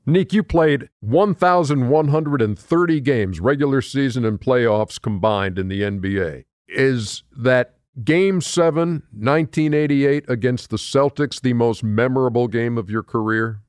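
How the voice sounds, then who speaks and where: A man hosting an interview, asking questions in a measured way and reading out game statistics. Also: medium pitch, clear, resonant tone, no room sound, studio quality. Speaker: host.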